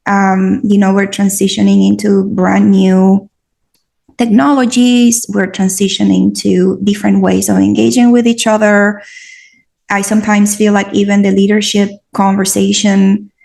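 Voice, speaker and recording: A woman's voice: mid-range voice, level tone, unhurried, vocal fry, a little mellow. A woman host with an accent, chatting and then reading a post aloud earnestly. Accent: non-native English accent. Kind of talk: casual chat and reading aloud.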